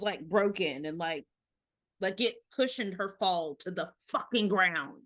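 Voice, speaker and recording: A woman's voice: medium pitch, animated, unhurried, a bit bright. A woman in her thirties co-hosting a podcast, telling a story animatedly, acting out the quotes and swearing freely. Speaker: podcast co-host. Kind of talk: casual storytelling chat.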